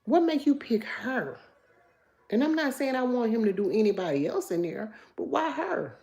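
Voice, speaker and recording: A woman's voice: a little high, sing-song, moderate pace, creaky, a little mellow. A woman with a country Memphis accent hosting a casual livestream, chatting and answering viewer comments aloud. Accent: Memphis Southern. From Memphis, USA. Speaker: livestream host.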